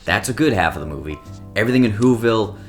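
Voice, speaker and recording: A man's voice: lowish voice, lively intonation, quick pace, faint music behind. A man co-hosting a podcast, giving opinionated, reasoned takes in casual chat. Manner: opinionated, analytical, long reasoned turns. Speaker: podcast co-host.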